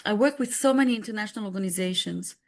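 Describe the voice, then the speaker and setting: A woman's voice: mid-range voice, very fast, noisy background. A woman from Israel, a peace activist guest on a podcast, speaking earnestly and searching for words with frequent restarts. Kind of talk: casual podcast conversation.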